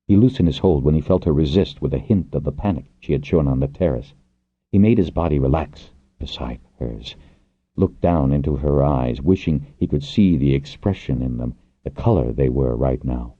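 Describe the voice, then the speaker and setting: A man reads an audiobook in a very deep, husky voice, measured and low-key. His intonation moves widely within the lines. The recording is tinny and phone-like, dry with no room sound. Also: lively intonation, dry recording. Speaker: audiobook narrator. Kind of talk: scripted narration.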